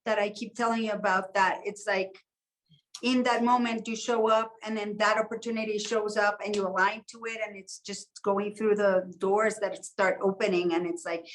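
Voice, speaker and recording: A woman's voice: mid-range voice, little pitch movement, moderate pace, rough recording. A woman co-hosting a podcast, chatting casually and reflecting in long flowing thoughts. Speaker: podcast co-host. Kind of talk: casual chat.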